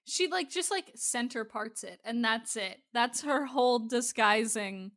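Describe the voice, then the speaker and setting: A woman co-hosting a podcast, chatting casually with quick, enthusiastic reactions and frequent laughs. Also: on the high side, animated, fairly bright tone. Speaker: podcast co-host. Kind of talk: casual chat.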